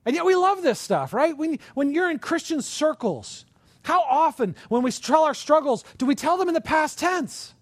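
A man preaching a sermon in a conversational way, asking the listeners rhetorical questions and rising to loud, emphatic passages. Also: very high-pitched, sing-song, moderate pace, dry recording.

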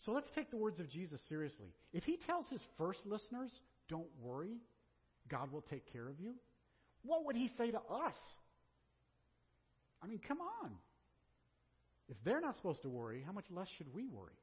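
Lively conversational preaching man in a hall. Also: high-pitched, husky. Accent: Southern American. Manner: conversational preaching with rhetorical questions. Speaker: pastor. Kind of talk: sermon. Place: church sanctuary. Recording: dull sound with long hall reverb.

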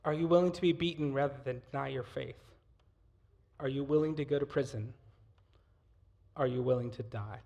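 Man, pastor, sermon, impassioned, loud then hushed, raspy fry. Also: medium pitch, moderate pace, pauses often, muffled recording. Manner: impassioned, swinging between loud emphasis and near-whispers.

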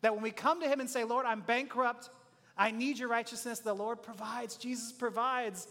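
A man's voice: very high-pitched, steady tone, normal speed, a bit bright. A man preaching a conversational sermon who acts out short prayers and everyday dialogues and often chuckles. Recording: long hall reverb.

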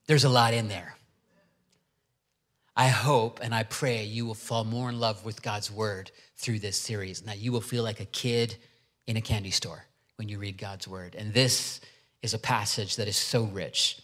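A man preaching a sermon, opening in quiet prayer and then teaching earnestly through a passage with rhetorical questions. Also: on the low side, steady tone, moderate pace. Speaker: pastor.

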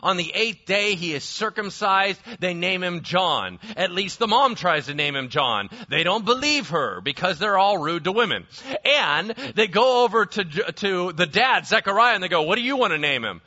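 A pastor preaching a sermon, telling the story in an animated way that swings from hushed asides to shouts. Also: male voice, sits high, normal speed, lo-fi sound.

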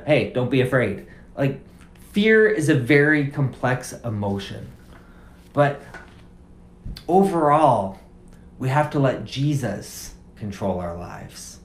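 A man preaching a sermon as pastor, conversational and casual, driving points home through repeated phrases. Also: on the high side. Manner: conversational, emphatic repetition. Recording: roomy echo.

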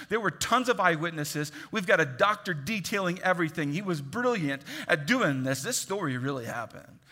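Animated preacher man, bright voice. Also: on the high side. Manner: animated, jokey, acts out quoted voices. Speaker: pastor. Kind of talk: sermon. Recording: long hall reverb.

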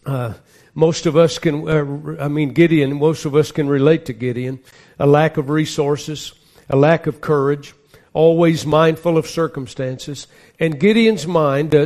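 Earnest man preaching, a bit high-pitched. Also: a little mellow. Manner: earnest preaching, reads scripture aloud with rising emphasis. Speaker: pastor. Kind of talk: sermon.

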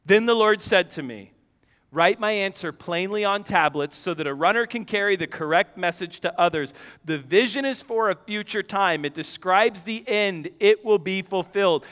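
A man preaching a sermon, reading scripture aloud with animated, joking asides. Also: high voice, normal speed, smooth. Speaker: pastor. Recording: long hall reverb.

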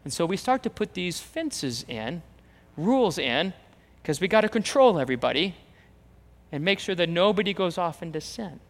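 A man's voice: high-pitched, very animated, moderate pace. A man preaching a sermon as pastor, emphatic, repeating phrases and acting out the voices he quotes. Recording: reverberant hall, long echo.

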